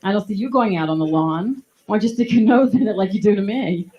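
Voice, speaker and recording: A woman's voice: medium pitch, fast talker, mellow, lo-fi sound, lightly acted. A woman comic voicing a sassy, indignant house cat talking back to its owner.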